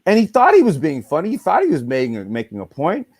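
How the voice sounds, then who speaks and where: A man's voice: fairly high pitch, wildly swooping pitch, fast talker, darkish tone, slightly rough, no echo. Profane, ranting male podcast host. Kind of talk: heated casual chat.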